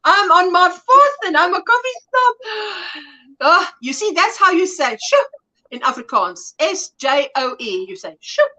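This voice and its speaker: A woman's voice: very high voice, very animated, unhurried, sharp tone. A South African woman hosting a casual livestream chat, reading viewer comments aloud and laughing often. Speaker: livestream host.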